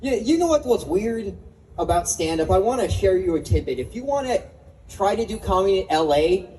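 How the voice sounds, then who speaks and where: A man's voice: high-pitched, expressive, brisk, darkish tone, low-quality recording. A young man doing a stand-up comedy set at an open mic, self-mocking and swearing, laughing at his own jokes.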